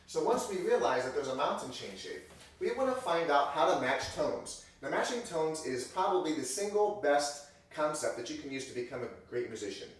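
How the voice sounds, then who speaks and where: A man's voice: on the high side, lively intonation, normal speed. A man teaching a piano lesson in a conversational way, often correcting himself and acting out example sentences to show phrasing. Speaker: music teacher. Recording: very echoey room, voice distant from mic.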